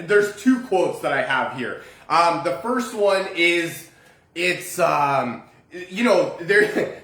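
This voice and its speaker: A man's voice: sits high, fairly bright tone, echoey room. A man giving a casual motivational talk, rambling with frequent tag questions and chuckles. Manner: rambling, frequent "right?" tags and restarts; chuckles often while talking. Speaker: self-help speaker.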